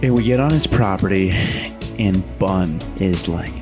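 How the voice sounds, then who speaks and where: A man telling a story in casual podcast chat, animated, laughing often and acting out what people said. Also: sits low, unhurried, over music. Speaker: podcast guest.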